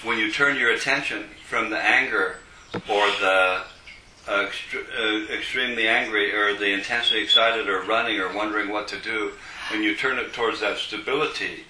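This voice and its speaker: Deliberate man reading and explaining, echoey room. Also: lowish voice, fairly even intonation, pushed and bright. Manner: slow, deliberate, with many restarts. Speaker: teacher leading a study group. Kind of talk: reading a text aloud and explaining it. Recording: echoey room picked up from a distance, faint noise.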